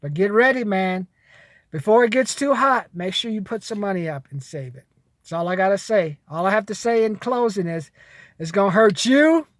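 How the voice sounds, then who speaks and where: Man, vlogger, casual monologue, blunt, profane, high-pitched. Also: animated, moderate pace, no echo. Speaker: vlogger giving money advice.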